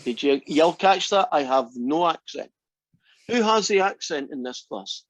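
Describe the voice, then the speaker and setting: A Scottish man teaching a college math class, relaxed and chatty with a dry, teasing humor. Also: fairly high pitch, a little slow, no echo, poor audio. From Scotland. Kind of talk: classroom lecture.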